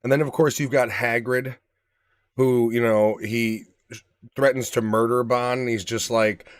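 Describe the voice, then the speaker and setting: Animated, swearing man in a dry room. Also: mid-range voice, unhurried, smooth, dry recording. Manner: animated, profane, swings loud for emphasis. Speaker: podcast co-host. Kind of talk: casual chat.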